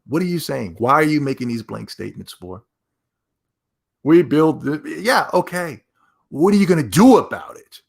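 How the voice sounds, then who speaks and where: A man's voice: mid-range voice, big pitch swings, normal speed, gravelly, long pauses, slightly rough. A man streaming casual commentary, emphatic and sarcastic, rambling as he reacts to a clip.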